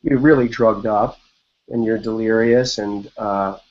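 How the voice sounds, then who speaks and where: A man's voice: fairly low pitch, steady tone, measured pace. A man in his fifties, a podcast guest, telling a long personal story in a loose, rambling way full of "like" and "you know". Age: 50s. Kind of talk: casual interview storytelling. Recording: dull lo-fi podcast audio.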